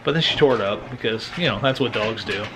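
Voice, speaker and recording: A middle-aged male vlogger chats casually at home in a noisy room, rambling loosely, cracking jokes and cutting himself off. His voice sits on the low side and he talks fast.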